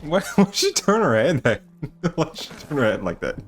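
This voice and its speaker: A man's voice: a little high, sing-song, a little slow. A man giving a sarcastic, exasperated comedic recap of a horror film, often laughing at it. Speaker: film reviewer. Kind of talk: comedic movie recap commentary.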